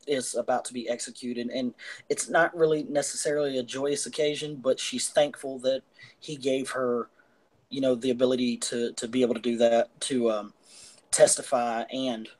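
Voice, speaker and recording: A man's voice: medium pitch, darkish tone, rough recording. A man talks through a movie plot on a casual film podcast. He rambles, piling up fillers and restarting his sentences as he goes. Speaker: podcast co-host.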